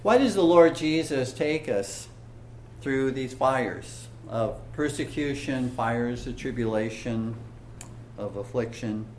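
A man preaching a sermon, slow and earnest, building to emphatic swells. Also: medium pitch, a little mellow, roomy sound, a little hiss or hum.

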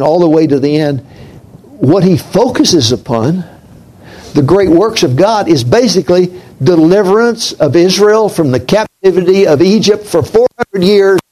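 A man preaching a sermon in a slow, reflective way, dropping to a hush on key points. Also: sits high, animated, poor audio.

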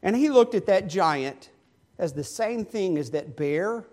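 A male preacher retells a story in his sermon, putting lively, animated emphasis on it. His voice sits notably high for a man, and he speaks a little slowly.

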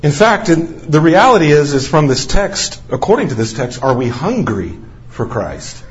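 A man's voice: fairly high pitch, big pitch swings, moderate pace, dull audio, a little hiss or hum. A man preaching a sermon as a missionary, stressing key phrases by repeating them over and over.

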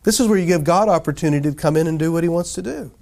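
A pastor preaching a sermon in a casual, conversational way, often asking the congregation questions and acting out quoted voices. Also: male voice, on the high side, very fast, vocal fry, dark tone.

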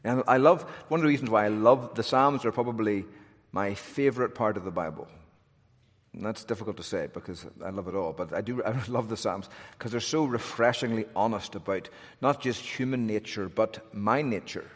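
A man's voice: lowish voice, moderate pace. Man, preacher, earnest emphatic sermon, long reverb of a church hall. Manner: earnest, emphatic, with restarts and asides.

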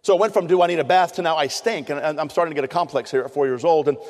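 A man's voice: fairly high pitch, racing, a little mellow. A middle-aged man preaching a sermon, telling stories in an earnest, conversational way with frequent restarts. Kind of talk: sermon with personal storytelling. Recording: long hall reverb.

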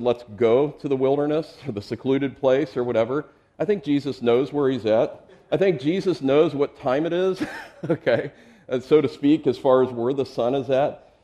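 A man's voice: mid-range voice, dark tone. A man preaching an expository sermon as pastor, in a conversational way with chuckling asides and repeated words as he thinks.

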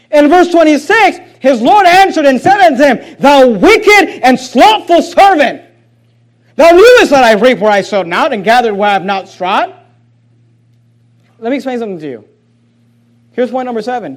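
A man pastor preaching a sermon forcefully, with sudden loud outbursts and quiet drops, mimicking excuses in a whiny voice. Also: very high voice.

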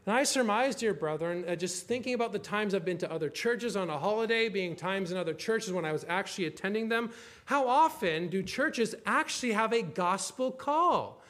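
A man with a notably high voice preaches a sermon as a pastor. He drives his points home emphatically, pressing the congregation with rhetorical questions. When he reads scripture aloud he slows to a measured pace. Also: expressive, a bit bright.

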